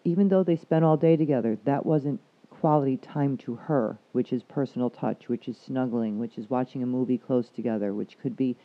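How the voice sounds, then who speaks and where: A man's voice: mid-range voice, fairly quick, few pauses. A man working as a counselor, talking casually and frankly, swearing freely as he explains things. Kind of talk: casual chat. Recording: dull lo-fi recording.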